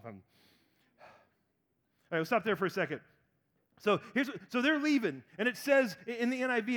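A man's voice: high-pitched, expressive, fairly quick, fairly bright tone. A man in his forties preaching a sermon, animatedly acting out the voices of people in the story. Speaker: pastor.

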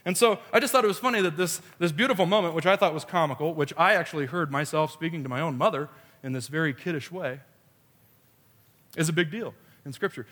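A man's voice: a little high, a bit bright, long reverb tail. A man preaching a sermon, telling a family story with playful quoted voices. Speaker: pastor.

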